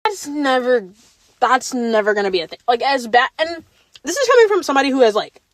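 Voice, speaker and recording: A young woman chatting on her own podcast, with a high and very lively voice that swoops around as she tells stories. She slips into playful voices for the people she quotes. The sound is close and dry, with no room echo. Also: fairly quick. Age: young adult. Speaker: podcast host. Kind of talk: casual solo chat.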